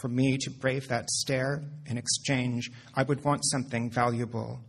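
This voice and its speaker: A man, a poet, reading his own poetry in a measured, deadpan recitation. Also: medium pitch, husky.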